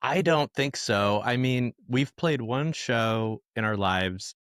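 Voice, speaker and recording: A man, a musician guest on a podcast, telling lively conversational anecdotes in a casual storytelling style. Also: mid-range voice, slow, smooth, dry recording, studio quality.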